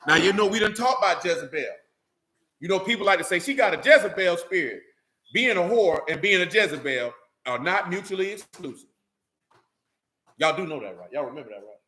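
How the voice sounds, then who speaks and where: A man's voice: high voice, lively intonation, a little fast, pushed and bright, slight background noise, low-quality recording. Blunt man preaching in street slang. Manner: blunt street slang, asks the room questions. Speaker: teacher of a religious assembly. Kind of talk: informal sermon with scripture reading.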